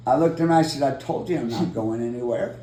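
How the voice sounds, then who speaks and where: A man telling a long personal story in an oral history interview, acting out the quotes with lively energy. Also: medium pitch, quick pace, reverberant, low-quality recording. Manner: animated storyteller, acts out quotes. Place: room in San Diego.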